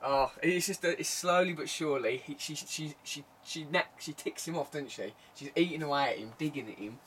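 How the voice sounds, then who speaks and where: A man's voice: a little high, fairly quick, fairly bright tone, slightly rough, distant mic. A man, co-hosting a casual chat, enthusiastic and giggly as he retells scenes. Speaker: podcast co-host.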